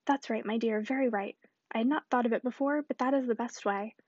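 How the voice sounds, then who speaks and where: A woman reading the part of a fussy, anxious elderly gentleman who rambles fretfully. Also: on the high side, brisk, no room sound, muffled recording, close to an everyday voice.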